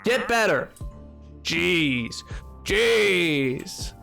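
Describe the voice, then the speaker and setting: A young man streaming a survival game, chatting casually with his viewers, joking and bragging in a rambling way with quick laughs. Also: sits high, expressive, creaky, sharp tone, soft background music. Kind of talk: casual chat while playing a game.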